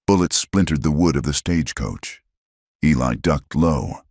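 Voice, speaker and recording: A man's voice: extremely low pitch, animated, a little slow, darkish tone, no room sound, clean studio sound. A man giving dramatic scripted narration of a story.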